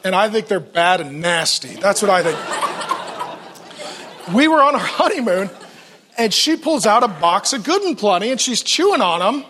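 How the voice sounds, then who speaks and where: High-voiced, lively man preaching. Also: normal speed, pauses often, a little hiss or hum. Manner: animated storytelling with playful acted quotes. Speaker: pastor. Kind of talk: sermon. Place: church.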